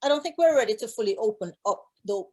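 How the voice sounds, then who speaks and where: A woman's voice: fairly high pitch, lively intonation, quick pace, mellow. A woman recording artist chatting casually as an interview guest, talking freely with many fillers. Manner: chatty, frequent fillers and restarts. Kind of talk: casual conversation.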